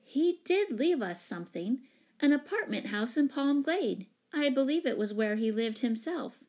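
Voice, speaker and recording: A calm, patient mother explains things gently to her children. A woman reads her aloud in a storybook, with a voice set a little higher than her own narration. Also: unhurried, full character voice.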